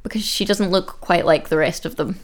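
A woman co-hosting a podcast, recapping a reality show in casual chat with a dry, joking manner and quick quoted lines. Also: lowish voice. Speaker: podcast co-host.

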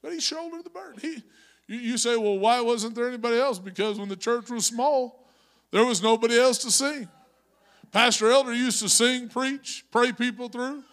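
A male pastor preaching a sermon in church, moving from conversational storytelling to shouted exhortation. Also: very high-pitched, moderate pace. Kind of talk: Pentecostal-style preaching. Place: church sanctuary.

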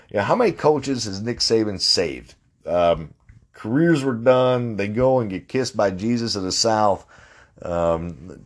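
A man with a very low voice hosts a casual sports podcast. He rambles in a blunt, opinionated way, with many ums and restarts, and now and then he swears. He sounds like he is in his forties.

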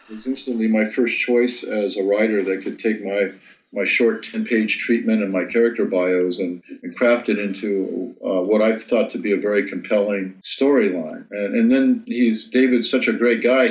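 A man's voice: fairly low pitch, echoey room, poor audio. A man with an American accent, a filmmaker talking casually in an interview, often repeating words as he thinks. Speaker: filmmaker guest.

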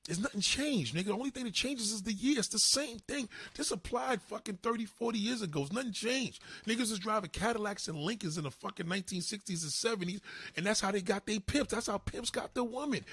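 A brash man rants to his viewers, swearing freely and playing out both sides of imagined conversations. His voice is husky and a little high for a man, and it swings widely in pitch. The recording is dry and close. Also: expressive, fairly quick, fairly bright tone, dry recording. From New York. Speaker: commentator. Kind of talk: casual rant to viewers.

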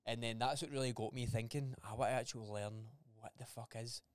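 A young man talks quickly in a blunt podcast chat, swearing freely and acting out old conversations. His voice is smooth and clear. The sound is dry and close. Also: medium pitch, steady tone, dry recording. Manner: blunt, swears freely, acts out quoted dialogue. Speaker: podcast co-host. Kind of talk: casual chat.

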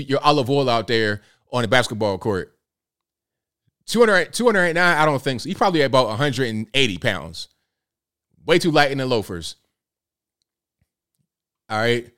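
Smooth-voiced man hosting a live stream. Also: mid-range voice, fairly bright tone. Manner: folksy slang, talks to viewers directly. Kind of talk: casual commentary live stream.

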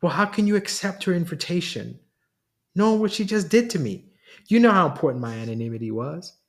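A man's voice: fairly high pitch, animated, fairly quick, voice pushed up. A man narrating a story, voicing a frustrated, sarcastic man whose privacy has been exposed. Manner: exasperated, sarcastic. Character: frustrated young male lawyer.

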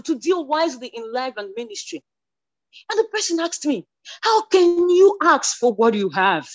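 A woman shares a spoken church testimony in a high voice that swings widely in pitch. She stumbles over restarts and repeats words, then surges into emotional, near-shouted declarations. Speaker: church member sharing a testimony.

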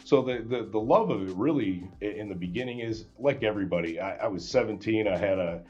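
A man guest on a podcast, telling a story in a casual, animated way and acting out the dialogue with many restarts. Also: lowish voice, a little fast, lo-fi sound, faint music behind.

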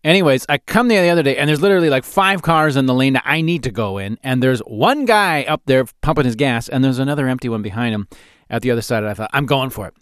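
A man's voice: mid-range voice, fast, clear, resonant tone, no room sound, studio quality. A man in his forties hosting a solo podcast, telling funny stories with lots of laughter. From Calgary, Canada. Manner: animated, laughs often at his own stories. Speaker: podcast host. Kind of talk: solo comedic storytelling podcast.

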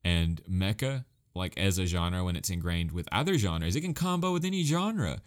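Deep-voiced man rambling about anime. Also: animated, normal speed. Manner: rambling, self-mocking, laughs often. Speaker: podcast host recommending anime. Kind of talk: casual talk.

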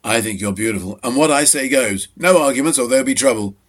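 A steady, devoted man, as a storyteller reads him, talking his nervous partner round in a firm, reassuring way. His voice sits at an everyday middle pitch. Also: fast, close to an everyday voice. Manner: firm, reassuring and cheerfully bossy.

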